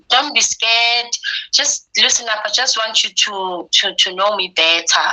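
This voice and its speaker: A woman's voice: medium pitch, measured pace, rough recording. A woman telling a personal story, acting out the things people said to her. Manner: quotes herself and others in a lively retelling.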